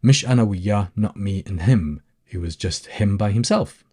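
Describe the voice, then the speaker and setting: A male Arabic tutor with a Levantine accent walks through example sentences slowly, pausing often with fillers as he explains. His voice sits low and mellow, with a soft husky grain. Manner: slow, explains step by step with many uh fillers. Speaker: Arabic teacher. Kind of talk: language lesson explanation.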